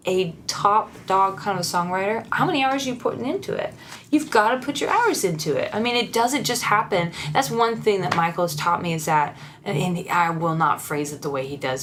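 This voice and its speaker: A woman's voice: medium pitch, a little hiss or hum. A woman songwriter chatting candidly as an interview guest, laughing often and encouraging listeners. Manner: laughs often, warm and candid, with frequent restarts; earnest and encouraging. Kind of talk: casual interview chat.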